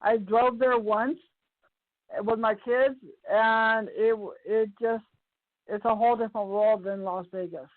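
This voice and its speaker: A woman's voice: on the high side, steady tone, a little slow, no echo. A woman in her sixties, a spiritual healer, calling into a talk show and speaking in a plain, matter-of-fact way. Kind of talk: casual call-in chat. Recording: tinny phone line.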